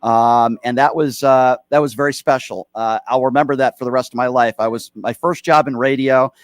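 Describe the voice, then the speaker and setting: A man's voice: medium pitch, steady tone, brisk, no echo, clean studio sound. Blunt, heated male radio host. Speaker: radio talk show host. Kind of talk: political call-in talk.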